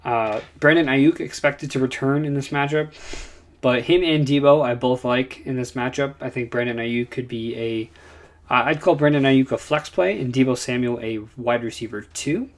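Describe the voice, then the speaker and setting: A young man casually giving fantasy football picks, running through players with lots of ums and uhs. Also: medium pitch. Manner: rapid list of player picks with many fillers. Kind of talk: casual commentary.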